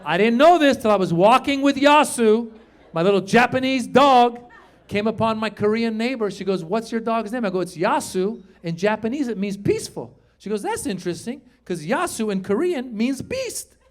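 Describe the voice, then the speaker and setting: A middle-aged man from Iran doing an animated stand-up set on a club stage, acting out shouted quotes as he tells stories. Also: sits high, normal speed. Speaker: stand-up comedian. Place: comedy club stage with live audience.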